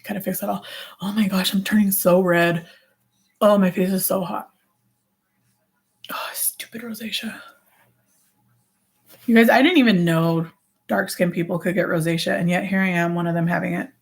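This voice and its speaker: A woman's voice: on the low side, steady tone, brisk, vocal fry. A woman vlogger chatting casually to her viewers, rambling and correcting herself with many fillers. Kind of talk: casual vlog chat.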